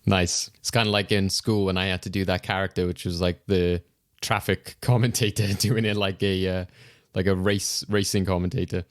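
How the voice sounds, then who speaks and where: A man hosts a casual film podcast, his low voice smooth and resonant. He keeps things loose and chatty, chuckling often between thoughts, recorded close and dry. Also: flat delivery, normal speed, no echo. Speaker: podcast host.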